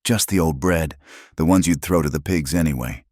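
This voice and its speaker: A man voicing a starving young widow with a hoarse, pleading voice. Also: extremely low pitch, normal speed, darkish tone, no room sound, clean studio sound.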